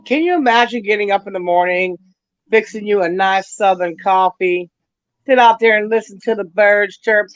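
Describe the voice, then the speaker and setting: A woman's voice: mid-range voice, normal speed, no echo, dull audio. A woman hosting a casual livestream chat, telling brash, profane stories and often breaking into laughter. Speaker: livestream host.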